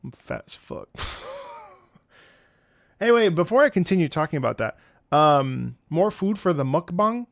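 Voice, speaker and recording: A man's voice: on the high side, big pitch swings, normal speed, gravelly, long pauses. A man in his thirties, a streamer and opera singer, chatting casually and playfully with his viewers and stumbling through greetings in other languages. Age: 30s. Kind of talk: casual live-stream chat.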